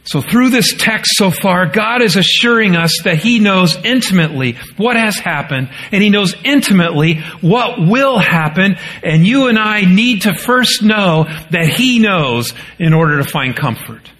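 A man preaching a sermon as pastor, rising into pleading quotes and dropping low and quiet for solemn points. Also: expressive, measured pace, few pauses.

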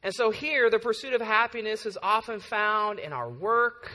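Bright high-voiced preacher in a hall. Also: male voice, normal speed. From San Francisco Bay Area. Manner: conversational storytelling, frequent "right?" asides. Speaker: pastor. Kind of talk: sermon.

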